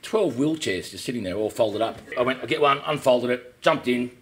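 A man with an Australian accent, a talk show guest telling a comic story in an animated way and swearing casually. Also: medium pitch, normal speed, a little hiss or hum.

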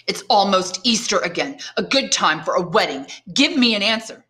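A woman's voice: mid-range voice, lively intonation, normal speed, a bit bright, natural voice. A woman reading aloud, voicing a nervous young man of about twenty who presses his case earnestly in her near-usual voice. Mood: pressing. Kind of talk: audiobook reading.

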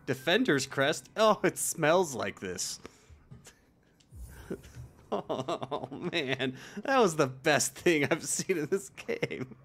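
A man streaming a game live, excitable and laughing often, swinging between loud shouts and low mutters. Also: slow pace, a little hiss or hum. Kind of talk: live gameplay commentary.

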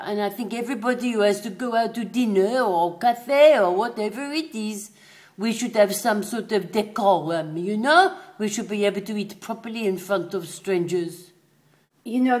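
A woman's voice: mid-range voice, lightly acted. A woman voicing a stuffed toy dog who is prim and indignant about table manners, narrating in a chatty way. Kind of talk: comic puppet narration.

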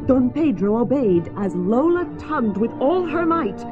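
A woman gently and expressively reading a children's story aloud, in a slightly muffled lo-fi recording. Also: high-pitched, very animated, measured pace. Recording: slightly muffled lo-fi with faint music.

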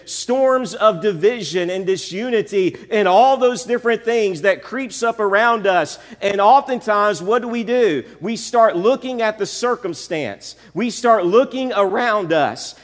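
Preacher guy, fairly high voice, lots of reverb from the church hall, keeps asking amen. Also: a bit bright. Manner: preacherly, repetitive calls of "amen?". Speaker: pastor. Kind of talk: sermon. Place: church sanctuary.

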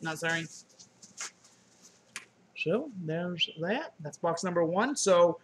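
A man with a fairly high voice chats casually through an unboxing, loose and joking, tossing in profane asides and silly noises. He talks into a laptop camera indoors, and a faint hiss sits under the audio. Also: expressive, slow. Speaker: unboxing vlogger.

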